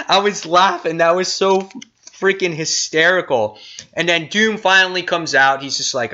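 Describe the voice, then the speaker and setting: A man hosting a casual comic review vlog, excitable and rambling. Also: high voice, moderate pace, muffled recording.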